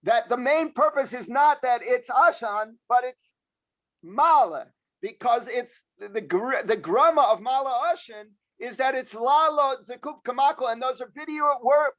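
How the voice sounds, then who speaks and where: Very high-voiced man arguing a point. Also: fairly bright tone, no room sound. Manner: assertive, argues a textual point line by line. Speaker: class participant. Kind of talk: Talmud study class on a video call. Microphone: video call.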